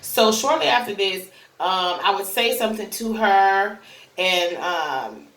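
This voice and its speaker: A woman's voice: mid-range voice, expressive, unhurried, fairly bright tone. A woman telling a personal story about her child in a chatty, rambling way, with many fillers and restarts. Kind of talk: casual storytelling to camera. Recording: roomy echo, from a distance.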